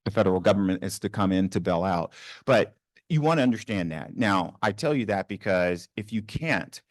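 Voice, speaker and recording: A man with a Southern accent from New Orleans talks to a panel audience in a loose, conversational way. His voice sits very low. The sound is close and dry. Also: animated, normal speed, no room sound. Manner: conversational, asks the room questions, many ums and restarts. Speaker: panel speaker on small business financing. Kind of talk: informal panel talk to a live audience. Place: university event room.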